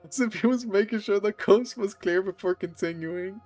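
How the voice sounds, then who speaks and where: A man streaming a visual novel, reading every character's lines aloud and breaking off into excited asides. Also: high-pitched, normal speed. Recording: faint music behind.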